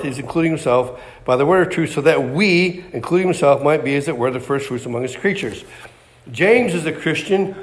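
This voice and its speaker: A man preaching a sermon, emphatic and repetitive, firing off rhetorical questions. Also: on the high side.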